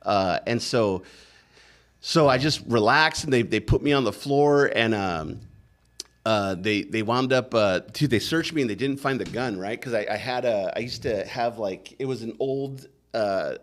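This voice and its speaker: A man's voice: mid-range voice, a little slow. Male podcast guest with a mid-range voice, loose and profane storyteller. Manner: profane, rambling, full of "like" and "right?". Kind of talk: casual storytelling.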